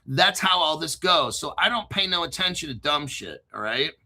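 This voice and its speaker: Male crypto host, high and very bright, cusses freely, hyped joking delivery, keeps clearing his throat. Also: lively intonation, normal speed. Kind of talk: excitable commentary reading crypto news.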